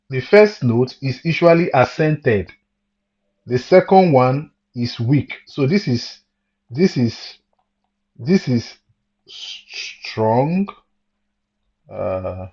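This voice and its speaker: A man's voice: mid-range voice, dark tone, highs cut off. A man teaching an online music theory lesson, explaining step by step and reading lyrics aloud to show where the stress falls. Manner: explains step by step, repeats key points, reads words aloud to show stress.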